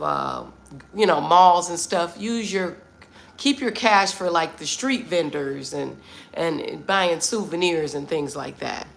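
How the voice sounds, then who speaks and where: Middle-aged American woman, low and gravelly, hosting a chatty livestream and answering comments. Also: a bit bright, a little hiss or hum. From United States. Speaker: livestream host. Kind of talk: casual livestream chat. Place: Vietnam.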